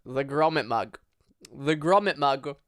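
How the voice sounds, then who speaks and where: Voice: medium pitch, animated, unhurried, dry recording, studio quality. A livestreamer chatting casually at a home desk, rambling with lots of fillers and casual swearing. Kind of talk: casual live-stream chat.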